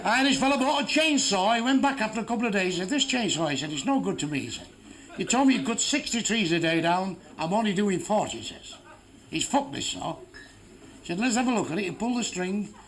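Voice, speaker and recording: A man's voice: high-pitched, expressive, quick pace, fairly bright tone, some chatter behind, a little hiss or hum. A man telling crude jokes as a stand-up comedian, swearing heavily and landing blunt punchlines.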